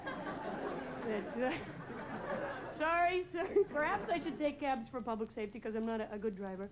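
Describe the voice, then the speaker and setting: A young woman from New England doing a deadpan stand-up set, hesitating with many "uh"s. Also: high-pitched, normal speed, crowd noise. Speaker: stand-up comedian. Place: TV studio stage before a live audience. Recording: loud audience laughter and noise.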